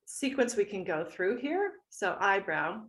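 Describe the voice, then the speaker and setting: A woman leading a guided tapping meditation, speaking gently and instructively as she walks listeners through each point. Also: medium pitch, sing-song. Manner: gentle, instructive, slow and soothing.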